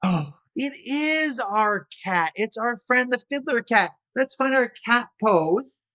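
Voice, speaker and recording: A man's voice: very high-pitched, animated, takes it slowly, pushed and bright. A man leading a children's yoga storytime, playful and encouraging, with little sound effects along the way. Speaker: kids' yoga instructor.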